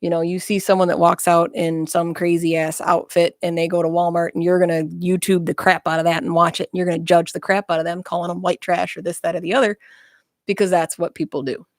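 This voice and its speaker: Blunt, gravelly-voiced woman talking frankly. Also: on the low side, level tone, fast, no echo, clean studio sound. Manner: blunt, frank, self-mocking. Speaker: guest. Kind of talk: casual interview chat. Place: small dry studio.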